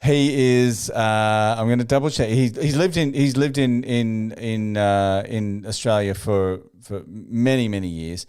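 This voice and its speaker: A man's voice: lowish voice, measured pace, hardly any pauses, a little mellow, clean tone. A man hosting an interview, asking questions in a casual, hesitant way with many "uh"s. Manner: hesitant, frequent "uh" and restarts. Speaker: interview host.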